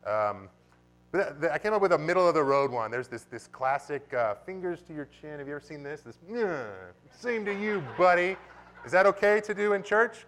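A man preaching a sermon as pastor of his church, animated and sometimes bursting into loud exclamations. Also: fairly high pitch. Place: church sanctuary.

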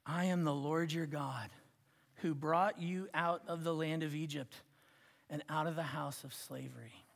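A man preaching a sermon, swinging from loud emphasis to hushed, near-whispered lines. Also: on the high side, steady tone, unhurried, vocal fry, in a large hall. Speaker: pastor.

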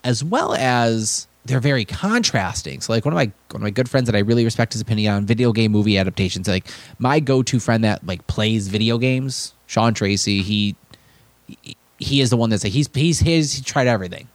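A young man co-hosting a casual podcast chat, telling stories animatedly, often stammering and restarting, and jumping into high voices to quote people. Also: a little fast, no room sound. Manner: animated storyteller, jumps into high excited voices when quoting people. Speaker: podcast co-host.

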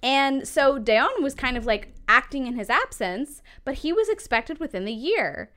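A woman's voice: high voice, animated, moderate pace, pushed and bright. A woman casually telling a history story on a podcast, laughing often and swearing freely.

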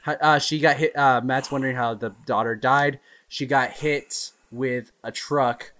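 A man's voice: medium pitch, fairly even intonation, unhurried, a bit bright. A man co-hosting a podcast, chatting casually about movies with a hesitant manner. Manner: hesitant, many fillers and restarts. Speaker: podcast co-host.

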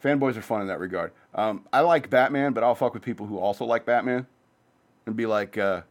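A man hosting his own show, talking in a loose, rambling, profane monologue that jumps between topics. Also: lowish voice. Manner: says he talks fast. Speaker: podcast host.

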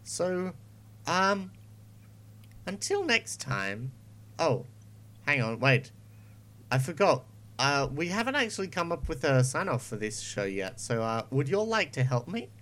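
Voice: mid-range voice, sing-song, a little slow, a bit bright. A podcast host, chatting breezily through a show's sign-off. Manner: chatty, breezy self-promotion. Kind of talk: casual podcast outro.

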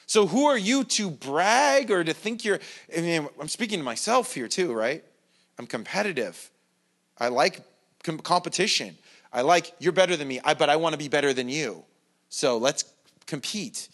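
A man's voice: on the high side, a bit bright. A male pastor preaching a sermon in a conversational, self-deprecating way, with mocking asides. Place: church.

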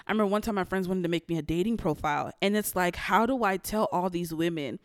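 In a candid podcast monologue, a young female host speaks quickly with few pauses, her lowish voice clear and resonant. The studio-quality recording is dry as she bluntly recounts a personal story, swearing and sometimes holding back tears.

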